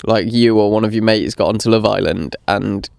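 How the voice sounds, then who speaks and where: Young man, relaxed podcast co-host, lowish voice, dry close recording. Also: moderate pace, vocal fry, no room sound. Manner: laid-back, chatty, laughs often. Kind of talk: casual chat.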